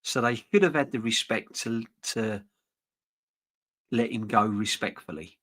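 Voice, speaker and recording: A middle-aged football channel host reads live chat during a stream, rambling frankly and chatting with viewers, often restarting his sentences. His voice is on the low side and a bit bright, at a measured pace.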